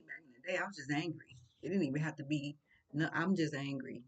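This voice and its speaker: A woman's voice: sits low, brisk, slightly rough, dull audio. An older woman giving casual, preachy commentary, blunt and full of rhetorical questions. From St. Louis.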